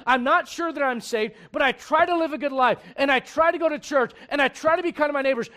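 High-voiced male preacher. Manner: conversational preaching, swinging between loud emphasis and hushed asides. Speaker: pastor. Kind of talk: sermon.

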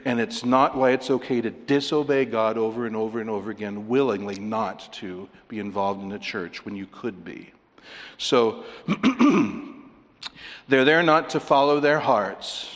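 A male pastor preaching to a congregation in a conversational, emphatic way. He poses rhetorical questions and lets out small chuckles. His voice carries a long reverb, as if in a large hall. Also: medium pitch. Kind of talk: sermon.

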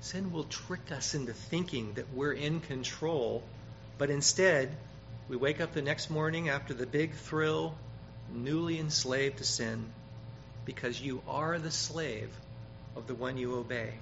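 A man preaching a sermon, emphatic, growing loud when he quotes scripture and often repeating words. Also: mid-range voice, unhurried, creaky. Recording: dull, slightly noisy sermon recording.

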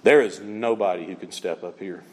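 A man's voice: deep voice, moderate pace, a little mellow, long reverb tail, a little hiss or hum. A man preaching a sermon, emphatic and full of rhetorical questions, speaking in a church sanctuary. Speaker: pastor.

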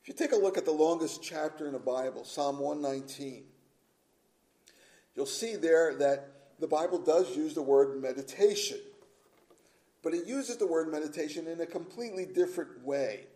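A pastor preaching an earnest sermon, stressing each point with repeated phrases and slowing down to read scripture aloud. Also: male voice, a little high, mellow, low-quality recording.

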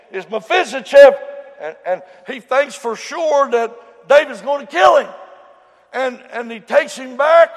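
A male preacher giving an impassioned revival sermon, swinging from loud shouts down to soft pleading. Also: sits high, vocal fry, in a large hall.

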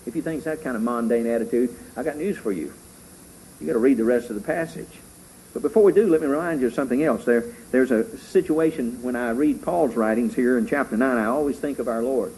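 A middle-aged man preaching a sermon as pastor, fervent and rising loud when he reads scripture. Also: mid-range voice, fast talker, slight background noise, poor audio.

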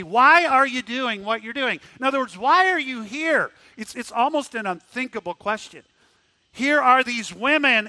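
Male pastor, sermon delivery; high, very bright voice, dry sound, dramatic shifts between loud and hushed. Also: dry recording. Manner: dramatic swings from loud questions to hushed low tones; repeats words when restarting.

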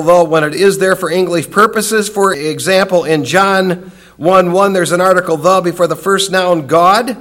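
A man with a high-pitched voice teaches a Bible class. He explains each point emphatically and slows down to lean on key words. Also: a bit bright.

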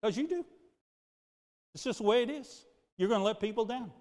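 A pastor preaching a sermon, moving from loud, emphatic lines to low, quiet confession. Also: male voice, animated, brisk. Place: church sanctuary. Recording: music and long reverb of a church hall.

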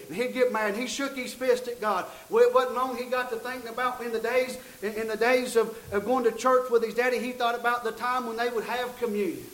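A man's voice: very high voice, fairly even intonation, fairly quick, few pauses, fairly bright tone, echoey room, rough recording. A male preacher telling a story in a sermon, folksy, often repeating and restarting his phrases.

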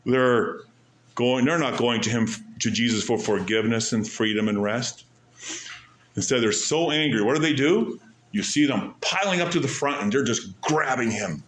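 A man preaching a sermon, asking rhetorical questions and stressing points with pauses and sudden drops in volume. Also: medium pitch, a bit bright, slight background noise. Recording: echoey room.

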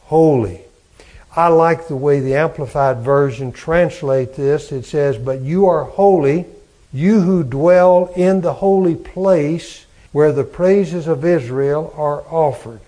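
Slow, emphatic male preacher. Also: a little high, mellow. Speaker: pastor. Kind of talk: sermon.

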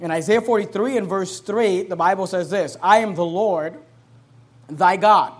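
A man preaching a sermon in an emphatic, conversational way, getting louder when he quotes scripture. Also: high-pitched, a little slow.

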